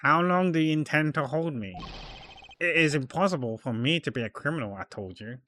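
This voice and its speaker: A man's voice: fairly high pitch, fairly quick, bright, forceful tone, slight background noise. A man voicing an impatient middle-aged businessman in a game, curt and haughty.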